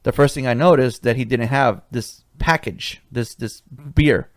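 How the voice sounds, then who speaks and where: A podcast host tells a cocky, swaggering story about work in a casual, profane way. His medium-pitched voice moves a little slowly, recorded with clean studio sound and no room echo.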